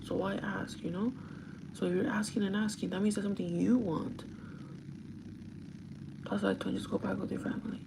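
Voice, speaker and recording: A woman's voice: mid-range voice, steady tone, fairly quick, gravelly, long pauses. A sleep-deprived woman telling an emotional story about her partner on a casual livestream, rambling and quoting him as she goes. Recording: noisy livestream audio.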